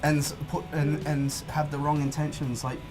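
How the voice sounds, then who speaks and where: A man co-hosting a casual chat, rambling and halting with many restarts. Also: a little high, little pitch movement, music in the background.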